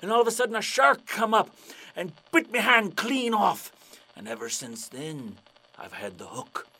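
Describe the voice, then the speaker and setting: A man voicing a gruff old pirate with a peg leg and hook, telling tales in a growling pirate drawl. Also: high voice, very animated, moderate pace, pushed and bright, voice pushed up, full character voice. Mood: yarn-spinning.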